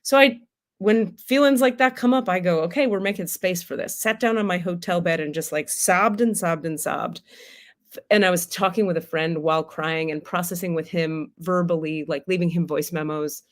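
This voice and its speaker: A woman's voice: on the low side, normal speed. A woman hosting a spiritual livestream, talking candidly and casually, swearing freely and laughing often.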